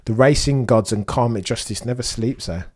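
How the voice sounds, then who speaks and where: A young man hosting a live race watchalong, chatting excitedly to his viewers and reacting with slang. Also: mid-range voice, moderate pace. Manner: excitable, chatty, British slang, talks to chat. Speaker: livestream host.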